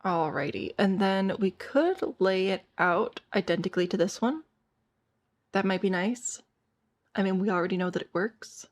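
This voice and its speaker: A tired woman with a hoarse voice, chatting casually to her viewers as a streamer while she plays a game and thinks aloud. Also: medium pitch, normal speed. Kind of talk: casual gameplay chat.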